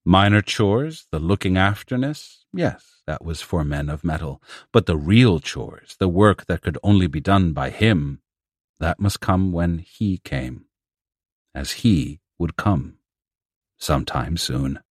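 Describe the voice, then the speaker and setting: A man reading a science fiction story aloud in a measured, steady narration. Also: low voice, no echo, studio quality. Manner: steady, measured reading with raised voices for quoted characters. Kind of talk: scripted audiobook narration.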